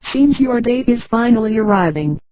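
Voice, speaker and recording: A man's voice: very high voice, expressive, moderate pace, darkish tone, dry recording, poor audio. A synthetic woman's voice reading the lines of a polite restaurant waiter who addresses the guest as sir. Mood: courteous. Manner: courteous, says sir.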